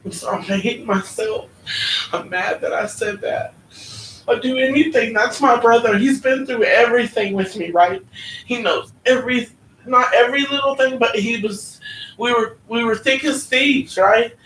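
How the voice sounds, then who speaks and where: A woman's voice: fairly high pitch, normal speed, a bit bright. A woman giving a heartfelt personal testimony at church, often asking "right?" as she goes. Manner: earnest, heartfelt, often tags lines with "right?". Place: church hall. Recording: roomy, distant, faint background hum.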